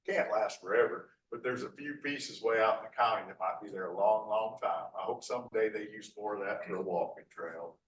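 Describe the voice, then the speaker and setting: A man's voice: lowish voice, brisk, hardly any pauses, slight background noise. A middle-aged man giving a rambling, folksy local history talk over slides. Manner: folksy, rambling, full of 'uh' restarts. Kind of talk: slide lecture with asides. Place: lecture hall. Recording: echoey hall from far off.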